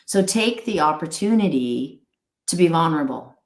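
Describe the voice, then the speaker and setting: Middle-aged woman, interview guest, earnest and rambling, lower voice, echoey room. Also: expressive, moderate pace. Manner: earnest, rambling with restarts and acted-out quotes. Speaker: guest, pet wellness company founder. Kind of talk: candid interview talk.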